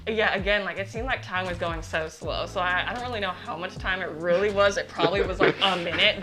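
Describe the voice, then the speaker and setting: A young woman in a casual interview, chatty and full of filler words, retelling a story with animated energy. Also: mid-range voice. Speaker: delivery manager at a cannabis dispensary.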